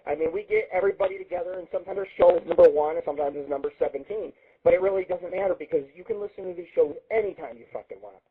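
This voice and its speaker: A man hosting an internet radio show, telling crude rambling stories in a profane, excitable monologue. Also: high voice, rapid-fire, hardly any pauses. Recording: husky lo-fi phone-line sound.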